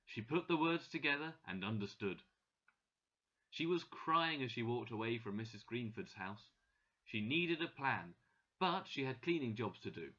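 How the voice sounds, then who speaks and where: Bright-voiced man reading a learners' story. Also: mid-range voice, expressive, normal speed, highs cut off. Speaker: narrator.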